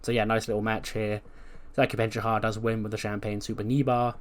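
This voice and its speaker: A man's voice: on the low side, level tone, fast. Laid-back man narrating a game. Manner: laid-back, swears casually. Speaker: gaming video host. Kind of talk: casual let's-play commentary.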